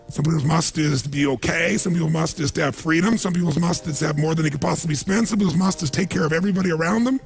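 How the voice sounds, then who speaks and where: A man with a gravelly, husky voice addresses a live seminar audience. He sits fairly high for a man and talks in punchy, emphatic bursts, throwing questions at the crowd. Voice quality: raspy, gravelly. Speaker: motivational speaker.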